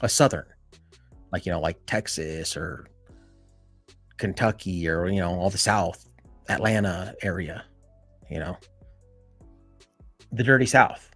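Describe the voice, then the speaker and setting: A man hosting a live stream in casual chat, rambling and filling every pause with "you know" and "like". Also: deep voice, fairly bright tone, breathy edge, soft background music.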